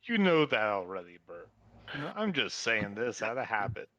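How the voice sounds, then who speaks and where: A man's voice: lowish voice, sing-song, normal speed, pushed and bright, highs cut off. A man playing a tabletop game, talking in a laid-back, rambling way. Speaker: player. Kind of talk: in-character tabletop chat.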